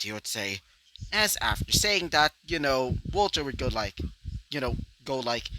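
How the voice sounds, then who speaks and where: A man's voice: mid-range voice, expressive, moderate pace, background noise. A man improvising a fan-fiction story aloud in a rambling way, his narration packed with fillers. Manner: rambling, full of "you know" fillers.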